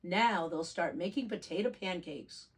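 A woman's voice: on the low side, a little slow, breathy edge. A woman voicing a cheerful, crafty male traveling peddler in a storybook reading, sly and agreeable.

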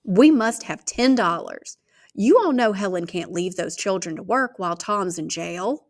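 A woman reading aloud, voicing a stern middle-aged male country preacher who speaks forcefully. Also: medium pitch, animated, a little slow. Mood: commanding. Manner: forceful, commanding.

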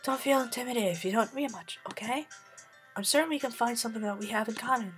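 A man's voice: very high voice, fast talker, fairly bright tone, breathy edge, soft background music, pitched above the performer's own voice, heavily acted. A man doing a bubbly, reassuring schoolgirl. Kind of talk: voiced game playthrough.

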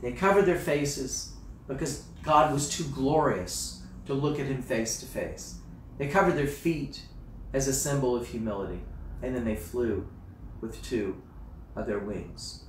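A male pastor delivering a sermon, swinging between hushed, slow phrases and loud, emphatic exclamations. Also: mid-range voice, lively intonation, a little hiss or hum. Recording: roomy, distant mic with faint ambience.

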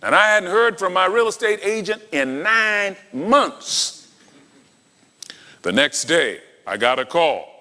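Male preacher, animated storyteller who acts out dialogue, bright voice, long hall reverb. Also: high voice, takes it slowly. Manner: dramatic storytelling, acting out dialogue. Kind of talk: sermon.

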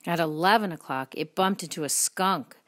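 A woman reading a picture book aloud in a slow, expressive storytelling way. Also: fairly low pitch. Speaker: reader.

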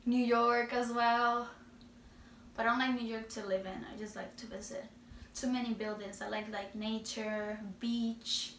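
An eighteen-year-old woman with a Spanish accent, chatting slowly and giggling through a casual Q&A. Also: fairly high pitch, steady tone, a bit bright. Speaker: vlogger answering questions. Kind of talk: casual Q&A chat. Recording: roomy echo, distant mic, faint noise.

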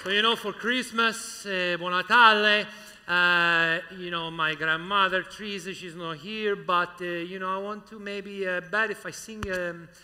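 A man's voice: high-pitched, fairly even intonation, a little slow, bright, forceful tone, slight background noise, heavily acted. A man doing a charming Italian gondolier. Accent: put-on Italian. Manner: broken English, chatty, playful asides to audience. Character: charismatic Italian gondolier, showy and sentimental. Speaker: stage entertainer. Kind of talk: live comic stage patter. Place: high school auditorium stage. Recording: reverberant auditorium, live.

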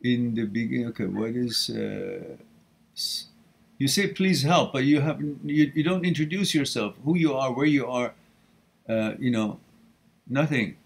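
A middle-aged male host with an unhurried, gravelly, medium-pitched voice and a breathy edge runs a live question-and-answer stream. He talks casually and laughs often.

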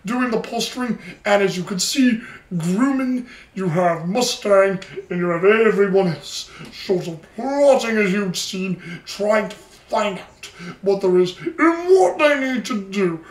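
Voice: mid-range voice, expressive, unhurried. An anime review host chatting through an episode recap in a rambling way, playing with a put-on British cockney voice. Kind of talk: casual solo episode review. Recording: roomy echo, distant from the mic.

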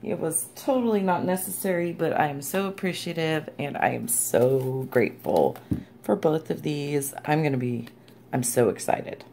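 Woman vlogger, low and gravelly, tired but gushing, casual chat. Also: animated, moderate pace, dark tone, a little hiss or hum. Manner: gushing and chatty, squeals and laughs often. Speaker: crafting vlogger. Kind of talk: casual unboxing vlog.

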